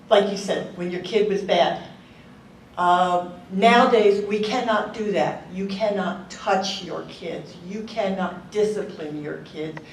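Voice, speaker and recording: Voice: medium pitch, creaky, a little hiss or hum. An audience member earnestly posing a question from the floor at a workshop. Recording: echoey hall, distant mic.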